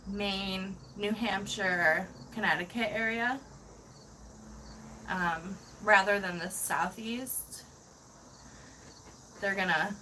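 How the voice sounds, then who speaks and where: A woman's voice: medium pitch, pushed and bright, a little hiss or hum, rough recording. A woman hosting a casual van-life livestream, reading viewer comments and gushing with thanks, laughing often.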